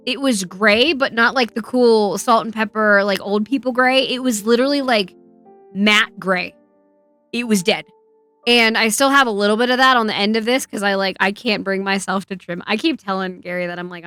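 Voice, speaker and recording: A woman's voice: mid-range voice, moderate pace, bright, forceful tone, faint music behind. A young woman streamer rambling in casual chat, swearing often and laughing as she talks. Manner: laughs a lot while talking. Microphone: wearing earbuds.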